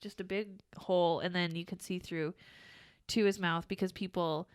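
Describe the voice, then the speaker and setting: A woman's voice: fairly low pitch, steady tone, moderate pace, clear, resonant tone, no room sound, clean studio sound. A young woman co-hosting a podcast, chatting casually with frequent restarts and laughs. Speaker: podcast co-host. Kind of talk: casual chat.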